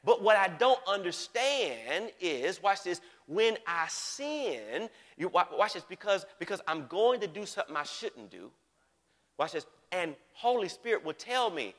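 A male preacher with a high, bright voice delivers a lively sermon. He keeps asking his listeners if they follow, dropping to hushed asides and rising to shouts. His words ring out with a long hall reverb. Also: measured pace. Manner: animated, repeatedly checks in with the audience.

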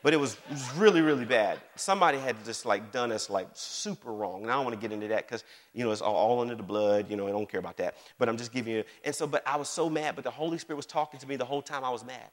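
A pastor preaching a sermon to his congregation, lively and repetitive, often asking the room whether they follow him. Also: medium pitch, fast, few pauses. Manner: animated preaching with call-and-response questions and repeated phrases. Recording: long hall reverb.

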